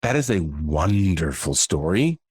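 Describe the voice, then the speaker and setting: A middle-aged man, a comedian and impersonator, telling animated, self-deprecating stories in a podcast interview. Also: low voice, a little slow, slightly rough, dry recording, studio quality. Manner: lively storyteller, slips into voices, self-deprecating.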